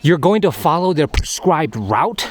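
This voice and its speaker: A man's voice: a little high, big pitch swings, measured pace. A man narrating his own travel vlog while hiking up a mountain trail outdoors, chatty and repeating himself, getting winded. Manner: chatty, repeats phrases, thinks aloud. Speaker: travel vlogger.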